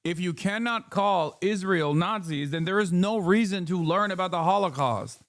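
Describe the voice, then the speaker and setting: Heated, profane male streamer, fairly high voice. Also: moderate pace, no echo. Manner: heated, profane, emphatic, rhetorical questions. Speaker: streamer host. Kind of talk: live stream reaction commentary.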